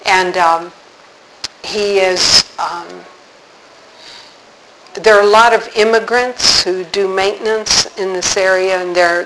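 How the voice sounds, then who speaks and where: A woman giving a faith talk, telling a personal story in a slow, reflective way. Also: on the low side, background noise.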